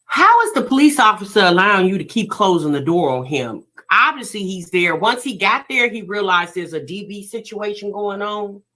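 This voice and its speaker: This reaction vlogger speaks casually and directly to her viewers, firing off one rhetorical question after another. Her medium-pitched voice is sing-song, bright, and forceful, at a normal speed with few pauses.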